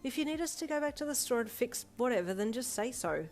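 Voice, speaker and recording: A woman's voice: a little high, lively intonation, a little mellow, soft background music, pitched above the performer's own voice. A woman reading aloud voices a blunt, slangy teenage schoolgirl who snaps easily. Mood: reassuring. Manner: slangy and blunt, quick to snap. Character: blunt, foul-mouthed teenage schoolgirl delinquent.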